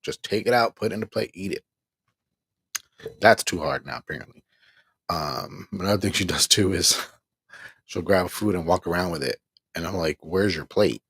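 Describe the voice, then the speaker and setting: Weary low-voiced man venting. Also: normal speed, long pauses, fairly bright tone, slightly rough, dry recording, studio quality. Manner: weary, exasperated, laughing ruefully. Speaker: livestream host. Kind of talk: venting on a livestream, reading chat.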